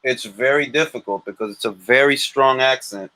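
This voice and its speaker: A man hosting a livestream, talking boxing in an animated, joking and blunt way. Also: medium pitch, normal speed, no room sound. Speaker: livestream host. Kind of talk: casual boxing chat.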